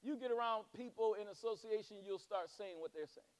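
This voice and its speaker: Fervent high-voiced preacher man. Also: fairly quick. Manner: preaching with rising fervor and humorous asides. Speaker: pastor. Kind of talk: sermon.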